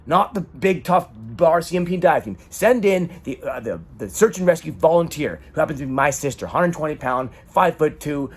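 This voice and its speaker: Man, husky voice, emotional monologue, dramatic, swears a lot. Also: a little high, expressive, moderate pace, hardly any pauses. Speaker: vlogger.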